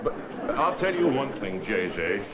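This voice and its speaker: A man's voice: lowish voice, sing-song, a crowd in the background. An actor playing a patient, dry-humored governor who teases his grown daughter. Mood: wry. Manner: dry, teasing, fast-talking. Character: wry, patient governor father, middle-aged. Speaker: governor, father. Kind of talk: 1970s sitcom acting. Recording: dull lo-fi old TV film with hiss.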